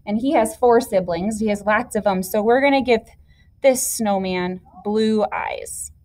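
A woman's voice: medium pitch, a little slow, a little mellow. A woman teacher patiently explaining a classroom activity step by step to young children. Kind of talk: classroom instruction video.

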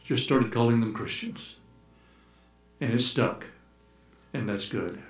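A man preaching a sermon in a church, telling stories with humor and sometimes shouting out playful calls to act them out, then reading scripture aloud. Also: medium pitch, animated, takes it slowly, faint music behind. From United States. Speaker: pastor. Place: church sanctuary. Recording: echoey church room.

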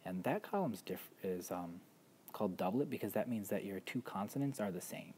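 A man teaching a spelling lesson, patiently explaining step by step with frequent pauses and ums. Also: lowish voice, animated, dark tone, a little hiss or hum. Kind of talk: instructional walkthrough.

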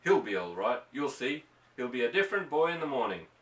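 Storybook rancher, gruff and firm, as a male reader plays him, echoey room, mic set far off. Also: mid-range voice, lively intonation, unhurried, a bit bright. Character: gruff, steady rancher husband. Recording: roomy, distant mic.

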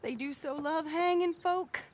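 A woman's voice: very high voice, measured pace, a little hiss or hum. An actress playing an earnest, emotional young woman in a video game cutscene. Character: earnest young woman in love, fleeing her family. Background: loud game music.

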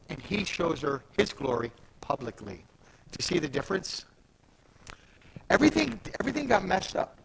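Male preacher, raspy fry, slight background hiss; retells scripture casually, then punches key words loudly. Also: on the high side, low-quality recording. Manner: animated, swings from soft asides to loud emphatic peaks; conversational, retells scripture in everyday speech. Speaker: pastor. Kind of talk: sermon.

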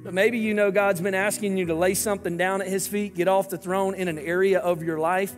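A man's voice: high-pitched, flat delivery, a little fast, big-room sound, soft background music. A man, a lead pastor, giving an earnest, pleading sermon and prayer to viewers watching online.

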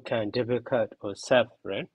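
A man teaching a grammar lesson, repeating each term slowly and giving its meaning. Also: mid-range voice, steady tone, slightly rough, no room sound. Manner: slow, repeats terms and glosses them.

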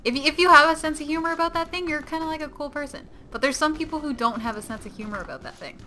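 A young woman giving excitable, giggly let's-play commentary at home while gaming. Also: high-pitched, rapid-fire. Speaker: gamer. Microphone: webcam or desk mic. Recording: noisy game audio behind.

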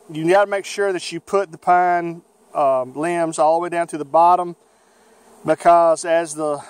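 A man with a Southern American accent talks unhurriedly, in a folksy way full of fillers, as he explains his beekeeping. His voice sits a little high and sounds smooth and clear. Bees buzz around him in the open-air bee yard. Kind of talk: outdoor how-to video. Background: buzzing bees.

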